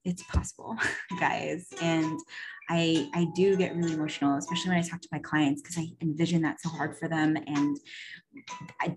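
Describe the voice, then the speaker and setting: A young woman in a casual vlog, telling a story in a chatty, animated way, swearing freely and filling her talk with "like" and "right?". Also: low voice. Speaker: business coach.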